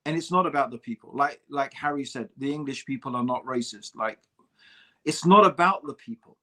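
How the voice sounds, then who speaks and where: A man's voice: medium pitch, a little fast, pushed and bright. A man co-hosting a casual podcast discussion, talking emphatically and calling his co-host bro. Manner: emphatic, conversational, says "bro" often.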